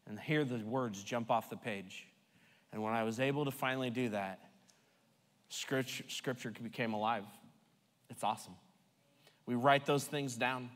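A man's voice: medium pitch, fairly bright tone. A man preaching a sermon in a conversational, emphatic way, playfully repeating words for effect. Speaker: pastor. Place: church sanctuary. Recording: long hall reverb.

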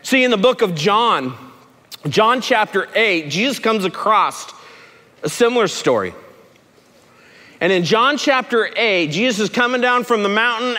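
A man preaching a sermon to a recovery group, telling a story with lively swings from shouting to soft, low speech. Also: a little slow, big-room sound. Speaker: pastor at a recovery ministry. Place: large room with a gathered group.

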